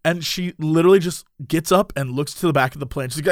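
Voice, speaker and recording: A young man telling a casual anecdote, animated and laughing often as he talks. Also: on the high side, fast talker, no room sound, studio quality.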